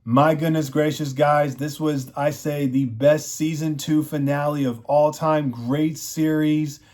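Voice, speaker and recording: A man's voice: fairly high pitch, steady tone, measured pace, darkish tone. A man hosting his own show, giving an enthusiastic, rambling recap of a TV finale and loosely acting out the lines of the characters in his own voice. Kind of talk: enthusiastic casual episode recap.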